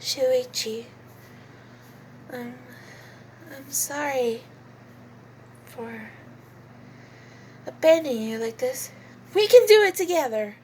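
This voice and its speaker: A woman's voice: high-pitched, expressive, slow pace, pauses often, a little mellow, slight background noise. A woman doing an earnest, encouraging girl.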